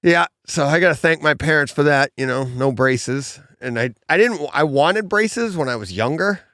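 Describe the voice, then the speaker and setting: A man co-hosting a casual podcast chat in a comic book store, an animated storyteller who laughs at his own jokes. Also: fairly high pitch, normal speed, no echo, studio quality. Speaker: podcast co-host.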